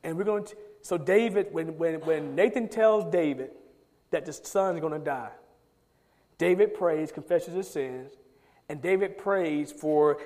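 A man preaching a sermon as pastor, emphatic and conversational, often repeating words in quick bursts as he drives a point home. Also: fairly high pitch, darkish tone. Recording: long reverb of a large hall.

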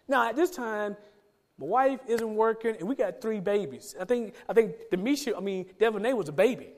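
A man's voice: high-pitched, normal speed, darkish tone. A man telling a personal testimony as a sermon, animatedly acting out his own past conversations. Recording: long hall reverb.

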